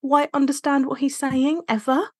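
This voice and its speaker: A woman in a casual podcast conversation, giving opinionated takes in a lively way. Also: sits high, crowd noise. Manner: lively, opinionated, quick to laugh. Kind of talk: casual film discussion.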